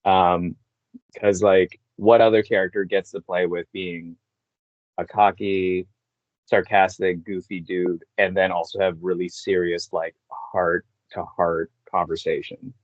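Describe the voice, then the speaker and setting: A man's voice: low voice, little pitch movement, measured pace, dry recording, dull audio. A man who works as a voice actor and actor, a guest chatting in an easygoing, laid-back way and laughing often. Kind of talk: casual interview chat.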